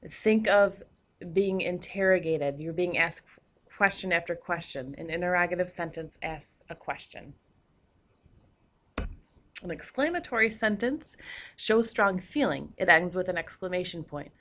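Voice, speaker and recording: A woman's voice: on the low side, expressive, a little slow, fairly bright tone. A woman teacher giving a recorded grammar lesson, explaining patiently with a few fillers.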